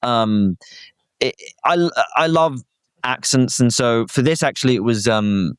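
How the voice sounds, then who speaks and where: A young British man, a guest actor, chatting casually with animated, self-deprecating, rambling stories. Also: medium pitch, a little slow, clear, resonant tone, no echo, clean studio sound. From Britain. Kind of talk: casual chat.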